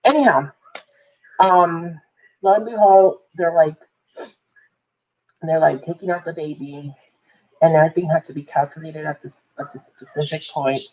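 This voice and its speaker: A woman's voice: sits low, moderate pace, pauses often, dark tone, lo-fi sound. A woman vlogger telling a personal story in a candid, rambling way, full of fillers and restarts.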